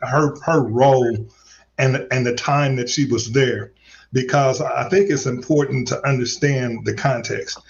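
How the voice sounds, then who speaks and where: A man hosting a casual interview, measured as he gives context. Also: mid-range voice, steady tone, vocal fry. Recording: dull sound with faint noise.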